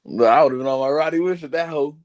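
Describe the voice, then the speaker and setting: A man's voice: fairly high pitch, fast talker. A man from Seattle, host of the show, telling stories in a casual chat, full of laughter and profane slang.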